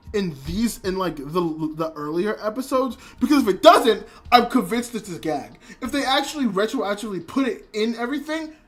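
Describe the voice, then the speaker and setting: A streamer giving a casual spoken anime review, rambling, restarting sentences and swearing freely. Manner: excitable, jumps between high and low.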